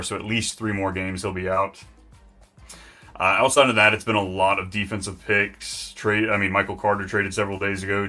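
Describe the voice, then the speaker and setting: Hyped, fast-rambling male stream host. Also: on the low side, bright, forceful tone. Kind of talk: live-stream fantasy football talk.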